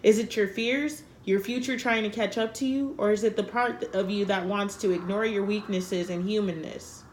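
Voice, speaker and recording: A woman's voice: mid-range voice, fairly even intonation, moderate pace, few pauses, roomy sound, a little hiss or hum. A woman giving a casual tarot reading, talking bluntly and frankly, swearing freely. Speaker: tarot reader.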